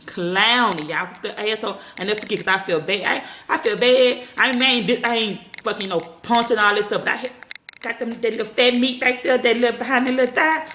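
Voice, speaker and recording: A woman's voice: fairly high pitch, brisk, pushed and bright, a little hiss or hum. A woman vlogging at home, chatting casually and profanely to her viewers as y'all, rambling from one thought to the next. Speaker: parenting vlogger. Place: small room at home. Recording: echoey room.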